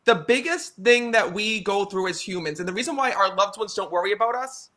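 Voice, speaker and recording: An American man in his thirties tells stories with earnest, animated energy. His voice sits high and sounds bright and forceful. He keeps pulling the audience in with "right?" and "you know.". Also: brisk. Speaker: psychic medium guest. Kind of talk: casual storytelling conversation.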